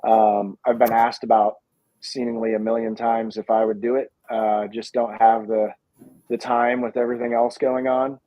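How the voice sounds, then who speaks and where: A man's voice: medium pitch, flat delivery, normal speed, no echo. Man on a muffled video call. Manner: thoughtful, hedging, many fillers and restarts. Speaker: guest, pizza dough company founder. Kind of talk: casual video chat. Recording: dull lo-fi sound.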